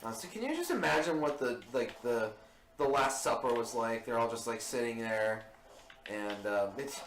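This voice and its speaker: A man's voice: mid-range voice, animated, normal speed, fairly bright tone, echoey room, a little hiss or hum. A man riffing casually as co-commentator on a game video, laughing often and rambling through his stories. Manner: giggly, rambling joke-teller. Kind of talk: casual let's play banter.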